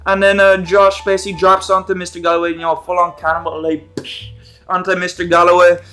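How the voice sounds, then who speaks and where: A man's voice: high voice, completely flat delivery, fast, sharp tone, faint music behind. A young man recapping a TV episode in a rambling, profane, casual way with lots of fillers. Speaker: YouTube commentator.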